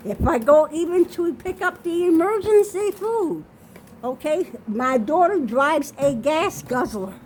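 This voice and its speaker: A woman's voice: sits high, lively intonation, measured pace, a little mellow, slight background noise, low-quality recording. An older woman filming a walkthrough of her kitchen on her phone, out of breath and insistent, often asking "okay?". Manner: insistent, keeps saying okay. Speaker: vlogger. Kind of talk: home video walkthrough. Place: small home kitchen, indoors.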